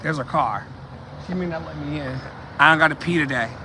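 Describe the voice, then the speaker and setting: Slight background noise accompanies this man's brisk, sharp, rather high voice. Vlogging on foot outdoors as an activist, he speaks with emphatic repetition and turns to address his viewers in an impassioned street vlog.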